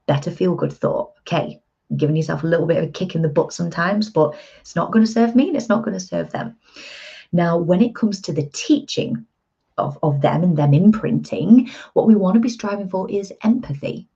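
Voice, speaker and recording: A woman in her thirties speaks earnestly and chattily to her viewers as an empowerment coach. Her voice sits low, with a mellow, husky tone. The recording sounds dull and lo-fi. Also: lively intonation, brisk. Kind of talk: casual motivational talk to viewers.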